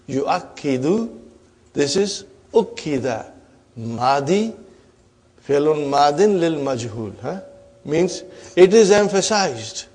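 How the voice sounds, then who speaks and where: Male grammar teacher, slightly high voice, drilling and quizzing students, constant "huh?" check-ins. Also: darkish tone. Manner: checks understanding with frequent "huh?" and "are you with me?"; drills students with repeated questions and term-by-term explanation. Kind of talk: classroom grammar lesson.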